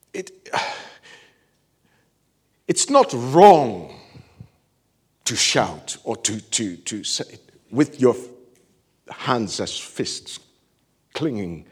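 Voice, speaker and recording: A male preacher giving an animated sermon, laughing often and swinging from shouts to near-whispers. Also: medium pitch, slightly rough.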